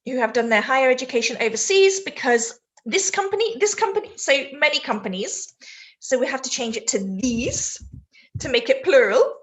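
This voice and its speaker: High-voiced British woman teaching live. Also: animated, moderate pace. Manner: chatty, laughs easily, reads chat aloud mid-sentence. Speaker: IELTS teacher. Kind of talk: live online lesson, giving essay feedback.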